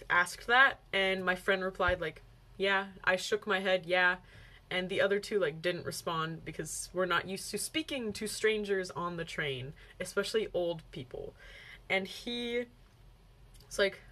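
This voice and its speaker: A woman's voice: mid-range voice, fairly bright tone. A young woman vlogging, telling a story casually with lots of "like" and acted-out quotes. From United States. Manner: chatty, heavy use of "like", acts out quoted lines.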